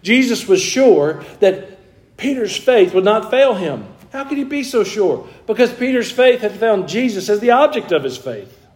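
Man, sermon, earnest, emphatic, slightly high voice, restarts phrases. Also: big pitch swings, normal speed. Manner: earnest, emphatic, with frequent restarts and rising stresses. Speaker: preacher.

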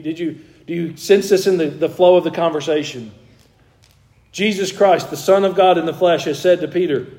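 Man, sermon, earnest, emphatic, slightly high voice, restarts phrases. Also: darkish tone. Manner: earnest, emphatic, with frequent restarts and rising stresses. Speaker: preacher.

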